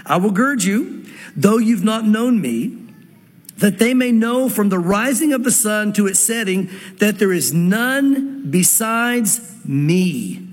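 A man preaching a sermon to a church audience. He reads scripture slowly and then explains it in quick asides. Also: sits high, animated, long reverb tail. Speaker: pastor.

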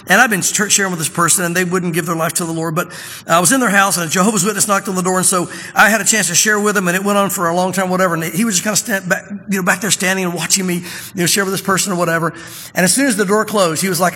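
A man preaching a sermon as pastor, chatty and plain, slowing down to read scripture with emphasis. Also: high-pitched, steady tone, sharp tone, breathy edge. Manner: conversational preaching, reads scripture slowly and with emphasis. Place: church sanctuary. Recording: long reverb of a church hall.

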